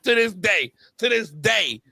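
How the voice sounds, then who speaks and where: Bright-voiced animated storytelling man. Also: sits high, a little slow, creaky, slightly rough, dry recording. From New York area. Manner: animated storyteller, heavy slang and fillers. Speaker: podcast host. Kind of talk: casual chat.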